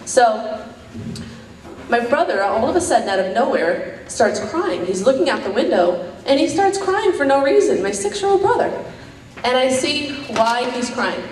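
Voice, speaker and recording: A woman's voice: on the high side, big pitch swings, moderate pace. A woman performing a stand-up comedy set, rambling and self-deprecating, with lots of "um" fillers, laughing at her own jokes. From New York. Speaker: stand-up comic. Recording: roomy, from a distance.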